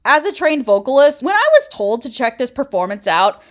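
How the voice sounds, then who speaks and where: A woman's voice: high voice, big pitch swings, brisk, soft background music. A woman in her late twenties narrating a commentary video essay in a sassy, blunt, opinionated way. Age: 20s. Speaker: YouTuber.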